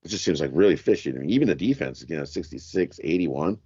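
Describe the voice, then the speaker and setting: A man's voice: extremely low pitch, expressive, quick pace, warm tone, husky, highs cut off. A man co-hosting a betting podcast, talking through his pick hesitantly with fillers and repeats. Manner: hesitant, repeats himself, lots of uh and yikes. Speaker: podcast co-host, bettor. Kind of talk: casual sports betting chat.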